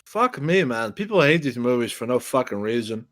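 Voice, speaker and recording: A young man riffing casually on a video with a co-host, excitable and swearing, repeating words as he goes. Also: medium pitch, moderate pace, dry recording.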